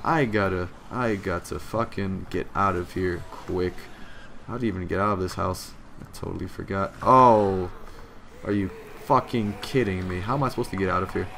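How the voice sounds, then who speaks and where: A man giving casual let's-play commentary, profane and grumbling, who bursts into loud frustrated yelling. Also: low-pitched, a little fast, gravelly, slight background noise. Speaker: gameplay commentator.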